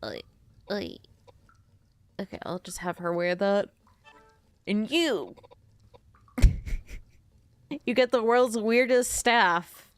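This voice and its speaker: Drowsy woman streamer, rambly and giggly with chat, smooth voice in a dead-dry room. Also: medium pitch, animated, takes it slowly, pauses often, dry recording, soft background music. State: sleepy. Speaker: game streamer. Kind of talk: casual gameplay commentary.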